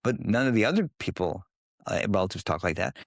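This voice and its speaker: Man telling animated stories, dry close sound. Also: deep voice, brisk, no echo. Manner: animated storytelling, acting out quoted voices. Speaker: guest. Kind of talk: conversational podcast interview.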